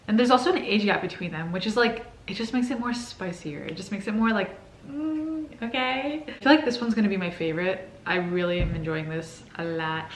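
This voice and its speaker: A young woman talking casually to her phone as a book vlogger, gushing and excitable, full of "like". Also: medium pitch, reverberant, slight background noise. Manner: gushing, excitable, says "like" a lot. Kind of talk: casual vlog talk to camera. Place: in a car for part of it. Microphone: phone mic.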